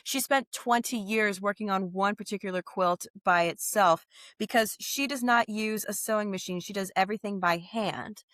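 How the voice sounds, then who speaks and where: A woman in her thirties, a podcast guest with a neutral Midwestern American accent, telling animated stories with quick asides and frequent laughter. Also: mid-range voice, dry recording. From New Orleans. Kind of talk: casual interview chat.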